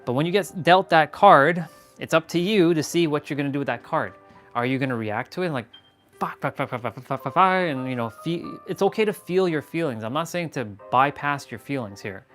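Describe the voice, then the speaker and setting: A man's voice: on the high side, lively intonation, a little fast, fairly bright tone, soft background music. A man hosting a casual motivational live stream while walking, blunt and emphatic, swearing freely. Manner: talks while walking on a step count.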